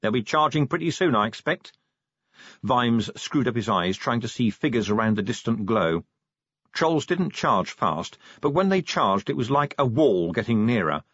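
A man narrating an audiobook in a wry, expressive way. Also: mid-range voice, normal speed, husky, dry recording. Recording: dull dry audiobook recording.

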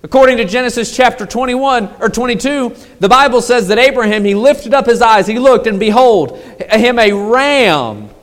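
Man, pastor, high voice, sermon, big swings in loudness and pace, long hall reverb. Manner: preaches with sweeping swings between loud emphasis and low, drawn-out phrases.

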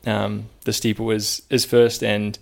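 A man co-hosting a casual podcast chat, laid-back, with quick asides and casual swearing. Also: on the low side, monotone, vocal fry. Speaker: podcast co-host.

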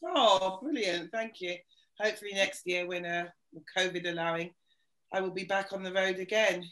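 A woman hosting a podcast in casual chat, playful and animated, joking and putting on voices. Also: medium pitch, moderate pace. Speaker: podcast host.

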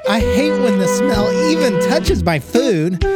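A man putting on a slow, high, lisping voice to mock a male vegan. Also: very animated. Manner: slow, high, sing-song mimicry. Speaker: podcast co-host. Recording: music playing behind.

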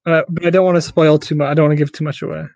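A man co-hosting a podcast in casual chat, speaking in a measured way with hesitant restarts. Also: fairly high pitch, little pitch movement, creaky, darkish tone, no room sound, highs cut off. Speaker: podcast co-host.

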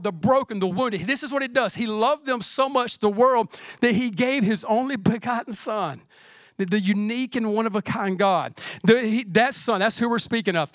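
High-voiced man preaching a lively sermon. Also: dry recording, clean studio sound. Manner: lively preaching, calls to the congregation, restarts and emphatic repetition. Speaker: pastor.

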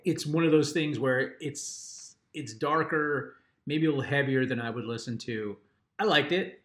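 A man's voice: medium pitch, measured pace, fairly bright tone. An older man, a father and regular panelist on a podcast, musing through an album review in a rambling way, often restarting his sentences. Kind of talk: casual chat, album review. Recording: roomy echo.

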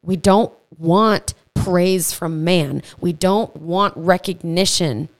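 A woman with a low, deep voice hosts a casual faith podcast. She teaches in a chatty, earnest way, stumbling over words and tossing in quick asides as she goes. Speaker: podcast host. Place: home podcast setup.

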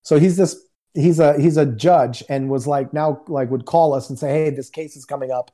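A man, a guest minister on a video call, telling a testimony in a lively, joking way and acting out the quotes. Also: on the high side, moderate pace. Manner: animated, joking, acts out quotes. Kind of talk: casual storytelling testimony. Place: home in Houston. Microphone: remote video call.

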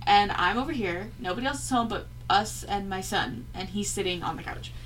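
A woman's voice: mid-range voice, brisk, fairly bright tone, slight background noise, low-quality recording. A woman co-hosting a podcast in casual chat, telling stories animatedly, laughing often and swearing freely. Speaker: podcast co-host.

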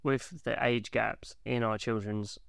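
Gravelly sweary man chatting. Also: on the low side, fairly even intonation, a little slow, no room sound, studio quality. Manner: swears freely, laughs while retelling scenes. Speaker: podcast co-host. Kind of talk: casual chat.

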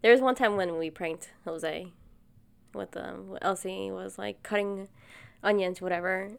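A woman's voice: measured pace, vocal fry, clear, resonant tone. A young woman in casual chat, telling stories animatedly and jumping into quoted voices. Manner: animated storyteller, jumps to high acted voices. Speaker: co-host.

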